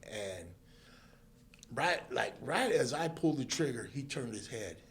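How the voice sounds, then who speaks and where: A gravelly, mid-range male voice at a measured pace, with slight background noise. He comes from Southern California and, as a podcast guest in a casual interview, tells a story with animated impressions of the people in it, laughing often along the way.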